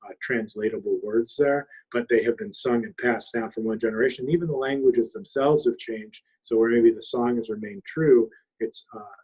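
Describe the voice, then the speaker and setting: A soft-spoken man in a longhouse, calmly explaining words and songs to an audience and pausing often as he speaks. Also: medium pitch, husky, poor audio. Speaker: singer and language teacher.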